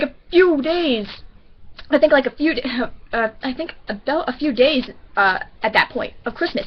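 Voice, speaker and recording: A woman's voice: high voice, muffled recording. A woman telling a story about work in a casual, rambling way, often correcting herself. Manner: rambling, self-correcting, chatty. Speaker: grocery store bagger.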